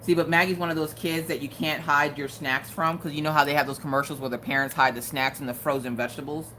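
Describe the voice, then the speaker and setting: A woman's voice: low-pitched, steady tone, fast, pushed and bright, a little hiss or hum. A woman hosting a casual live crafting stream, chatty and joking, laughing often.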